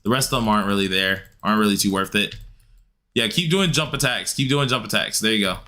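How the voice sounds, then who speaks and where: While streaming a game, a man chats with his viewers in a laid-back, slangy way and laughs often. His voice is on the low side, fast, pushed and bright.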